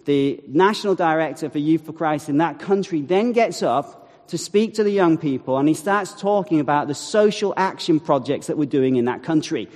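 Man, slightly higher voice, storytelling talk, long hall reverb, acted-out quotes. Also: moderate pace. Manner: animated storytelling with acted-out quotes and wry asides. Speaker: speaker telling a testimony.

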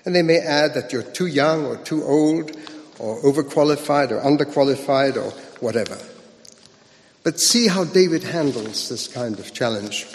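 A male preacher giving a sermon in a conversational way, asking his listeners rhetorical questions. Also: medium pitch. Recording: long hall reverb.

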